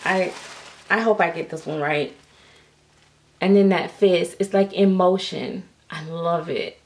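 A woman's voice: on the low side, fairly even intonation, measured pace. American woman gushing over doll kits, lots of oh my god, talks with y'all, casual vlog. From United States. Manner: gushing, breathless exclamations, frequent "oh my God"; Southern American Black vernacular, "y'all". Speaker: reborn doll artist reviewing kits. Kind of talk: excited casual vlog review.

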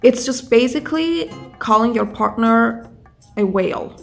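A woman's voice: a little high, expressive, a little slow, creaky, soft background music. A young woman hosting a comedic vlog, rambling, sarcastic and casually profane. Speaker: vlogger.

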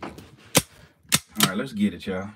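A snake keeper with a lowish voice talks slowly to his handheld camera in a casual vlog, sometimes setting the camera down, and the audio is very noisy. He swears, jokes, and laughs at his own jokes. As he feeds them, he talks to the snakes and mice.

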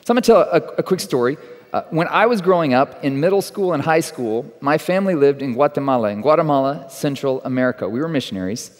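A guest pastor from Texas delivers a sermon in a conversational, joking way, weaving humor into his teaching. His voice sits a bit high for a man. It rings out with a long reverb through a church hall. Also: expressive, fast talker. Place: church sanctuary.

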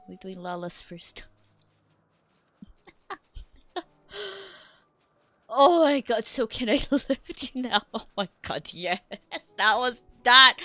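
A woman streaming a game, laughing and swearing in breathless excitement. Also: medium pitch, no echo. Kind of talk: excited gaming stream chat.

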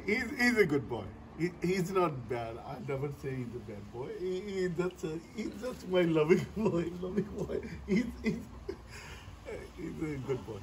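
A man's voice: a little high, a little hiss or hum, low-quality recording. A man at home talking casually to his dog and the camera, coaxing and repeating himself, laughing often, with non-native grammar. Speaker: dog owner vlogger.

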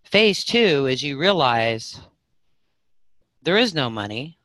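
A middle-aged woman teaching a live online spiritual class, telling stories with big swings between loud and soft. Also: a bass voice, very animated, slow, no echo.

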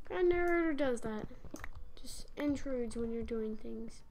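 A woman's voice: a little high, expressive, normal speed, darkish tone, a little hiss or hum. A woman hosting a gaming channel, chatting and apologizing to viewers while she plays. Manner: chatty, apologetic, talking to herself while playing. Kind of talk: casual game commentary.

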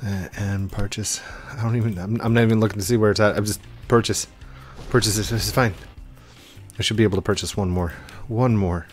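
A young man hosting a gaming channel, giving chatty, excitable gameplay commentary with frequent exclamations. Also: lowish voice, a little fast, soft background music.

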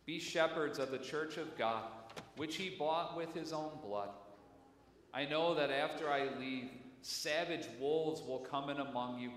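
A man reading scripture aloud in a church service, slow and measured. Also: a little high, fairly bright tone. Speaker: scripture reader. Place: church sanctuary. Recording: echoey church with faint room noise.

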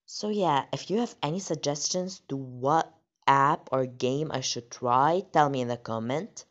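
A woman's voice: very deep voice, measured pace. A woman hosting her channel, chatting casually and reacting as she reads text stories. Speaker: channel host. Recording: dull lo-fi audio.

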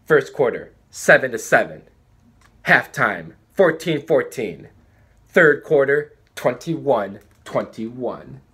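A man reading a children's book aloud with animated, dramatic pacing. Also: mid-range voice, slow pace, husky. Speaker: storybook reader.

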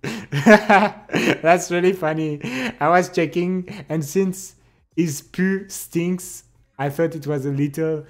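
A young man with a French accent, a live streamer chatting casually and reading comments, laughing often and teasing playfully. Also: fairly high pitch. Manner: laughs often, playful and teasing, speaks English with pauses and restarts. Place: home streaming setup.

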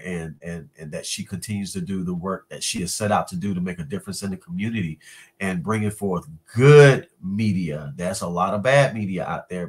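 A man, chatting as a guest in an interview, relaxed and pausing with fillers. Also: deep voice, husky. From North Carolina, USA. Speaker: guest musician. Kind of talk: casual interview chat.

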